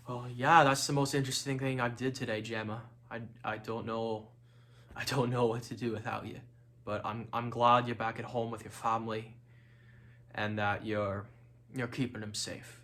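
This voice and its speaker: A man's voice: medium pitch, fairly even intonation, normal speed, a bit bright, lightly acted. A man voicing a nervous, rambling young Scottish engineer in a shaky attempt at a Scottish accent, stammering through a lovesick message. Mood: rambling, wistful. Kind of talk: acting-class impression.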